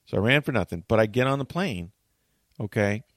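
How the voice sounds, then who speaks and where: A man hosting a talk show, telling a long story in animated, chatty fashion and acting out what people said. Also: on the low side, a little fast, no echo, clean studio sound. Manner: tells long stories, acts out quotes.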